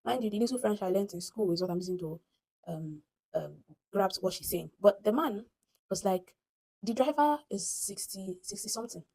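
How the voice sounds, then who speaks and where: A woman with a Nigerian accent tells a story casually to her phone camera, animated and dramatic, acting out the voices she quotes. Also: mid-range voice, normal speed, breathy edge, low-quality recording. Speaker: vlogger.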